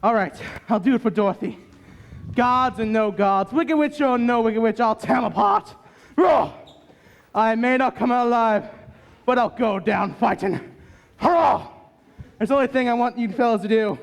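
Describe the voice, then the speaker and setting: A man's voice: extremely high pitch, moderate pace, gravelly. A teenage boy acting a cowardly male lion in a school stage play, blustering and boasting but timid underneath. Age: teens. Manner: blustering, boasting then backing down.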